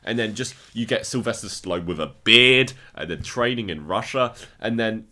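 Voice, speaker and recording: A man's voice: lowish voice, lively intonation, moderate pace, bright, forceful tone. A man casually ranking films in a review video, enthusiastic and often repeating words as he restarts his sentences. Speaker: film reviewer.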